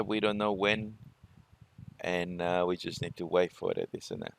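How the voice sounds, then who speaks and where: A man presenting a forex trading walkthrough, talking it through unhurriedly with many fillers and pauses. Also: low voice, wildly swooping pitch, creaky, no room sound. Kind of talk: screen-share trading walkthrough.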